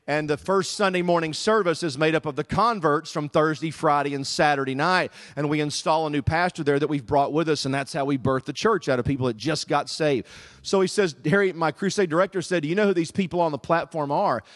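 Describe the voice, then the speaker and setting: A middle-aged man with a Southern US accent, preaching as a guest speaker in humorous, animated storytelling. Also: on the high side, a little fast. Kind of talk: sermon. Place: church service.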